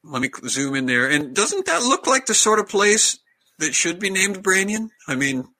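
A man's voice: sits high, very animated, moderate pace, sharp tone. A man hosting a casual video-call chat, talking in a hesitant, chatty way and laughing often. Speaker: host.

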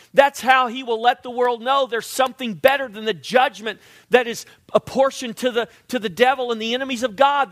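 A man preaching a sermon, animated and emphatic, sometimes dropping to a hush. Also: very high voice, dry recording, clean studio sound. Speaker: pastor.

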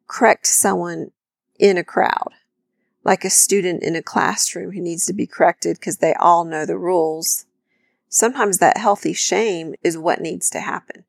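A woman with a somewhat low, gravelly voice co-hosts a podcast. She talks thoughtfully and backs her advice with practical examples. The recording is close and dry. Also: dry recording. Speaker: podcast co-host. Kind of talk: instructive marriage talk.

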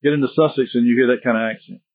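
Husky man lecturing over a tinny line. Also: mid-range voice, steady tone, very fast, dry recording. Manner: conversational, digressive, joking asides. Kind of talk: history lecture. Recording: tinny phone-like dry sound.

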